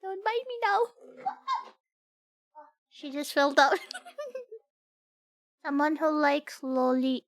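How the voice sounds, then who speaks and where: A woman's voice: high voice, very animated, very slow, pauses often, dry recording, clean studio sound. A woman streamer chatting casually and playfully during a reaction stream, giggling and talking to her cat. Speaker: VTuber streamer reacting to a video.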